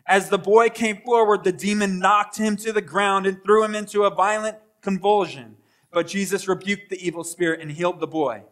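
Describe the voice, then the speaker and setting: A pastor delivering a lively sermon in a high, bright voice. He acts out voices and swings between loud bursts and hushed asides. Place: church sanctuary.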